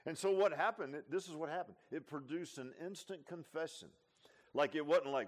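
A man preaching a sermon in a folksy, conversational way, his voice climbing to shouts and then dropping to a hush. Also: fairly high pitch, moderate pace. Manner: folksy, swings from hollering to hushed. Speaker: pastor. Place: church.

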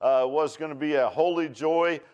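A man's voice: a little high, moderate pace, darkish tone, clean tone, dull audio. A man preaching a conversational sermon as pastor, with many fillers and repeated words.

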